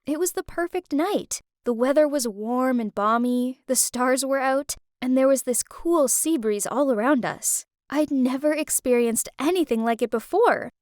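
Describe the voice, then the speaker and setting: A young woman narrating an animated story in first person, chatty and breathless. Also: sits high, measured pace, hardly any pauses, no room sound, clean studio sound.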